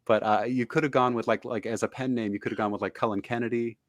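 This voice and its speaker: A man's voice: medium pitch, fairly even intonation, fast, no echo. A man hosting an interview in a casual, teasing way, laughing often as he chats with his guest. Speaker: interview host.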